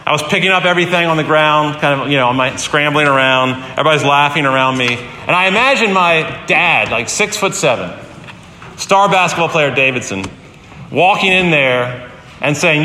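A man's voice: on the high side, expressive, moderate pace, pushed and bright, slight background noise. A man in his fifties, a pastor preaching a sermon in an earnest, storytelling way with emphatic repeated phrases. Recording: roomy hall with long reverb, faint ambience.

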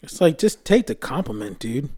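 Joking podcast co-host venting. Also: male voice, medium pitch, very animated, normal speed, warm tone. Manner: vents with humor, mimics his wife. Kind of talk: casual chat.

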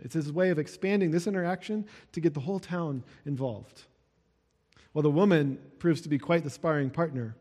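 Male pastor, fairly high voice, chatty sermon delivery, long hall reverb. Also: a little mellow. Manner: explains verses with a casual, conversational aside.

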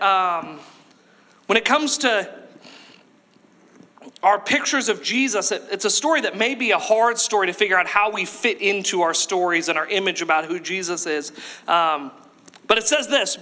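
A male pastor delivering a sermon in a high, bright, ringing voice. He is animated and acts out the voices of Bible figures. At times he rises to a shout. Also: moderate pace.

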